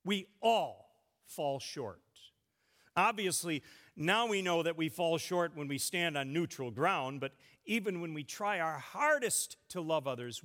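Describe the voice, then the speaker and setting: A man preaching a sermon, emphatic, with big swings in pitch and volume. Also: expressive, slow pace, fairly bright tone. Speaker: pastor. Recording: long church reverb.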